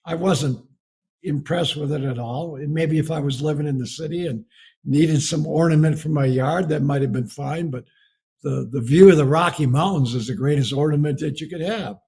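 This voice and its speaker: A man with a slightly high, gravelly voice delivers a storytelling sermon. His tone is husky and a bit rough, and he chuckles often as the folksy story unfolds. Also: normal speed, warm tone. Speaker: preacher giving a marriage message.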